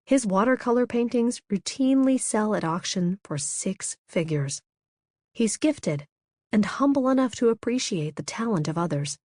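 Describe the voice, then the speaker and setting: A woman narrating a romance audiobook in the first person, with a measured, intimate delivery. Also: mid-range voice, a little mellow, dry recording, studio quality.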